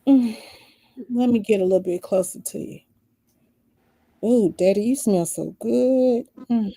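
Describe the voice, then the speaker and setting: A woman's voice: fairly high pitch, a little slow, warm tone. A woman playing a flirty, country-sounding woman who coos and sweet-talks her man in an improvised role-play. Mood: sultry, coaxing. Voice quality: country-sounding, sultry coo.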